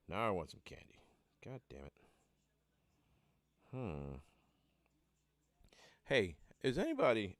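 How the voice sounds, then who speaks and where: Philly-man, low voice, casual profane livestream rambler. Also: no echo, studio quality. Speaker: band member hosting a live hangout.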